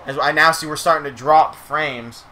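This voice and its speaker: A man's voice: fairly high pitch, steady tone, moderate pace, bright, forceful tone, a little hiss or hum. A young man streaming a game, giving casual play-by-play commentary with chatty, self-correcting, playful asides.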